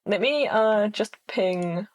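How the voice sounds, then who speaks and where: A woman's voice: mid-range voice, slow pace. A woman streamer chatting casually with her viewers, playful and giggling often between phrases. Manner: playful, chatty, reads chat aloud.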